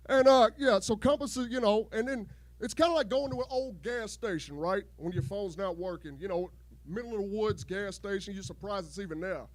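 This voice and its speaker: A man with an unusually high, light voice performs crude stand-up, rambling and restarting his sentences. The sound is close and dry, with almost no room echo. He does his set at a home garage show before a live crowd. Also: fast talker. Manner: crude, rambling jokes with repeated false starts. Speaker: stand-up comedian.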